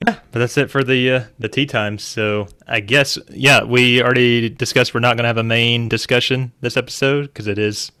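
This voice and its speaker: A man co-hosting a podcast in casual chat, relaxed and laughing as he steers the running order. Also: mid-range voice, moderate pace, hardly any pauses, clear, resonant tone, no echo, clean studio sound. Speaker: podcast co-host.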